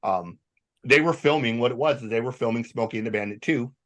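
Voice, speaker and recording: Rambling, animated male podcast host. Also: medium pitch, a little fast. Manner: rambling, animated, swears casually. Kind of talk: casual storytelling chat.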